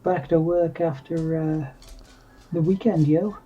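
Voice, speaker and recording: A man's voice: on the high side, fairly even intonation, takes it slowly, husky, highs cut off. A man co-hosting a casual painting stream, laid-back, with jokey asides. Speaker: stream co-host. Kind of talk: casual chat.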